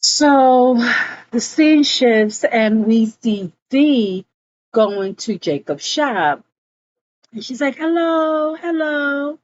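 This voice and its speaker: A woman's voice: on the high side, animated, very slow, darkish tone, muffled recording, a little hiss or hum. A woman casually retelling an episode scene by scene, with lots of "like" and asides. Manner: chatty retelling peppered with "like" and "girl". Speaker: show recap reviewer.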